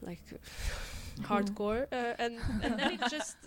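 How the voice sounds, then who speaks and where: A woman's voice: a little high, slow pace, a little hiss or hum. A young woman from Hungary, a community radio member, chatting casually and hesitantly with many fillers. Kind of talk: casual conversation.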